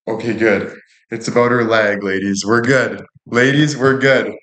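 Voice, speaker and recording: A man's voice: mid-range voice, steady tone, unhurried, fairly bright tone. A man streaming live and chatting casually, joking around, cursing freely and thanking viewers by name. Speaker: livestreamer. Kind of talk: casual livestream chat. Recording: echoey room.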